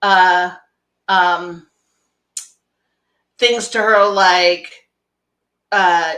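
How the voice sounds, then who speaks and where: A woman's voice: mid-range voice, takes it slowly, pauses often, a bit bright. A woman business coach talking casually on a live stream, rambling and emphatic, often restarting her sentences. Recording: echoey room.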